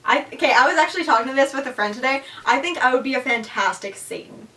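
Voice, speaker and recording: A woman's voice: high voice, animated, fast talker, sharp tone. A young woman co-hosting a podcast, chatting frankly and giggling, with lots of "like". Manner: frank, giggly, says "like" a lot. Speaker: podcast co-host. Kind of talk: casual chat. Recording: distant from the mic.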